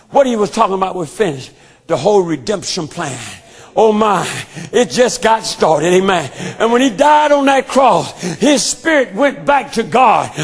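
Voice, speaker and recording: A man preaching a sermon with emphatic call-and-response, often shouting and then dropping low. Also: slightly rough.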